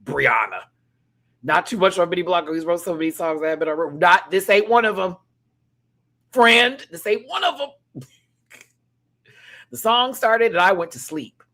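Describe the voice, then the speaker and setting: A man giving a casual, sassy review of a reality show, swinging from loud outbursts to hushed asides and laughing often. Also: high voice, expressive, moderate pace, pauses often. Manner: laughs often while talking. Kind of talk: casual reaction commentary.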